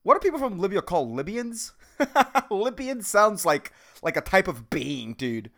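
On his solo podcast, a man in his thirties rants in a high, sing-song, gravelly voice, bright and forceful at a measured pace. Rambling and cursing, he leaps between topics, mocks himself and never stops saying "dude" and "man," addressing the listener as "dude."

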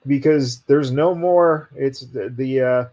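A man's voice: mid-range voice, slow, dark tone. A man cohosting a casual wrestling podcast, talking hesitantly with many fillers. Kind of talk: casual panel chat.

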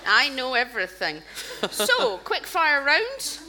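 A woman hosting a comic interview, teasing and quick-witted. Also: high voice, wildly swooping pitch, bright, forceful tone. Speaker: host. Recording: noisy background.

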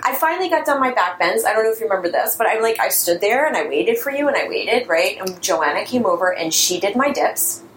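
Animated woman host, lively storyteller voice. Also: medium pitch, quick pace, hardly any pauses, roomy sound, slight background noise, poor audio. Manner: lively, laughing, acts out the people in her story. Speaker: podcast host.

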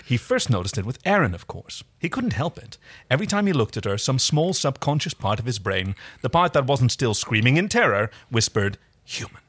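A man's voice: medium pitch, big pitch swings, fairly quick, a bit bright, husky. A man co-hosting a podcast, reading fan fiction aloud with wry, chatty asides. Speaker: podcast co-host.

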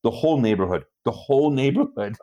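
A man's voice: medium pitch, expressive, fast talker, warm tone, dull audio. A man co-hosting a podcast, telling an exasperated story in casual chat and laughing often. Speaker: podcast co-host.

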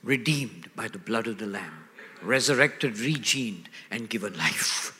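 A man's voice: fairly low pitch, animated, a little slow, bright, forceful tone. An older man preaching a sermon emphatically, checking in with his listeners through call-and-response questions. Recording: echoey hall.

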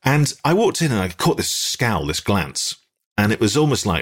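A man's voice: medium pitch, lively intonation, brisk, a bit bright. A man with an English accent, telling a rambling, self-deprecating story as a guest in a casual conversation, hesitating often.

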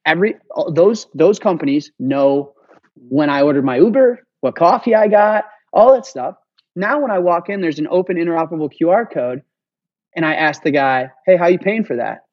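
A man's voice: a little high, moderate pace, dry recording. Man, passionate podcast guest, swears casually, dry muffled sound. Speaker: guest, payments company founder. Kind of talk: energetic podcast interview.

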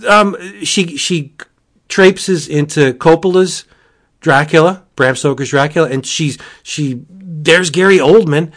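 A man reviewing comic books in casual podcast chat, gushing and excitable, jumping to high exclamations. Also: unhurried.

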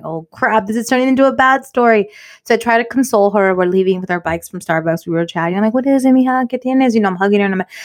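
A woman in her thirties co-hosting a casual podcast chat, telling family stories with lively acted-out quotes and bits of Spanish. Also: mid-range voice. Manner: animated storyteller, acts out quotes, mixes in Spanish. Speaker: podcast co-host.

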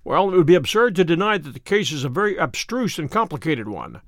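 A man voicing a brilliant, dreamy, self-assured male detective in a measured, lightly wry manner, as part of an audiobook. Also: on the high side, sing-song, no echo, clean studio sound. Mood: musing. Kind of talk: audiobook character reading.

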